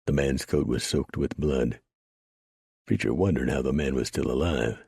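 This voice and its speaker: A man narrates a western in a steady, measured way. His voice is extremely deep, gravelly and a bit husky. The recording is dry and close. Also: no room sound. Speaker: audiobook narrator. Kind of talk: scripted narration.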